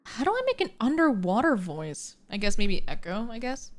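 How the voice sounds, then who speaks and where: A woman streaming a video game, chatting excitably and swearing freely as she reacts. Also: a little high, normal speed. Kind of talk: casual gameplay commentary.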